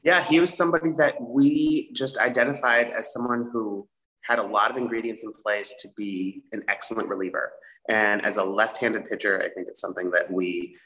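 A man answering interview questions in a measured, explanatory way. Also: on the low side, steady tone, sharp tone, low-quality recording. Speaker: team executive.

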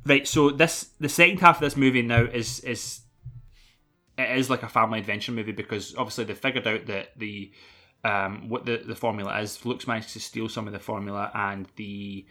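A man's voice: fairly low pitch, steady tone, fairly quick, pushed and bright, faint music behind. A man with a Scottish accent, co-hosting a podcast and recapping a film in a rambling, jokey, sweary way. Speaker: podcast co-host. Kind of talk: casual film recap chat.

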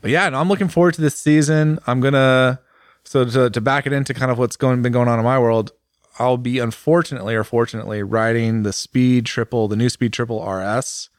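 A man co-hosting a casual podcast chat, animated, with his pitch jumping for emphasis. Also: fairly quick, dry recording, studio quality. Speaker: podcast co-host. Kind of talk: casual chat about motorcycles.

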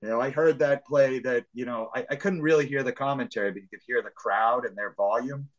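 Animated man telling a story. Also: medium pitch, brisk, lo-fi sound. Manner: animated storytelling, acts out shouts and voices of family; swears freely. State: hard of hearing. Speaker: podcast host. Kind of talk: casual sports chat.

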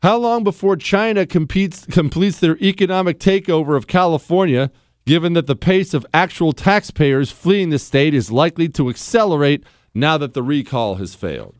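A male talk radio host with a high, lively voice that swings up and down as he makes his case. He sounds blunt and emphatic, hammering points home by repeating them. The studio sound is close and dry, with no room around him. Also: normal speed, no room sound. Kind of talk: opinionated talk radio monologue.

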